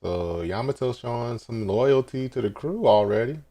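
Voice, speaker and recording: A man's voice: medium pitch, expressive, normal speed, mellow. A man hosting a casual live manga reaction, recapping scenes and quoting characters with laughs.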